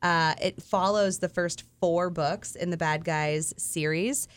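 A woman's voice: on the low side, fairly even intonation, slow, smooth. A woman in her thirties, co-hosting a morning radio show, who talks casually and laughs often. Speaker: co-host.

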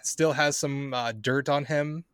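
Halting man with a mid-range voice. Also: medium pitch, fairly even intonation, a bit bright. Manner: halting, full of uh and um. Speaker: podcast co-host. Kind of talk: casual chat.

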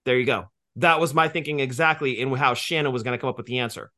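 A man's voice: medium pitch, fast talker, bright, forceful tone. A man in his forties co-hosting a podcast, joking and profane in casual banter, explaining things at length. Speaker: podcast co-host.

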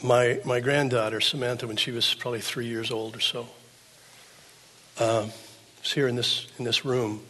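An older man preaching a sermon as pastor, swinging from hushed, low passages to loud, pleading ones. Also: level tone, moderate pace. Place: church sanctuary. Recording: long hall reverb.

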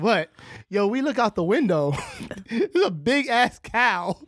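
A man on a casual podcast telling a funny story in an animated way, laughing and swearing freely. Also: high voice, moderate pace, dry recording. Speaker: podcast co-host.

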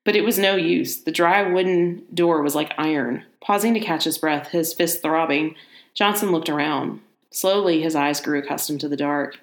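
A woman reading a horror story aloud in steady narration, now and then adding a casual aside of her own. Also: low voice, normal speed, roomy sound.

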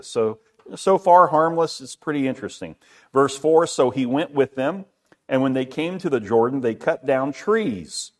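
A man's voice: medium pitch, expressive, moderate pace. A middle-aged man preaching a sermon in a conversational way, asking rhetorical questions and often repeating words. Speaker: pastor.

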